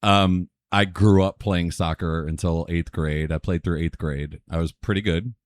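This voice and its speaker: A man's voice: low voice, fairly even intonation, unhurried, no room sound. A man in a casual podcast chat, blunt and dismissive. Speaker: podcast guest.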